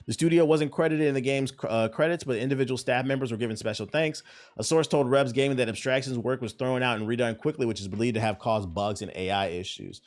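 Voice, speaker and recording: A man hosting a casual gaming news show, telling stories in a profane, animated way. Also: medium pitch, fast talker.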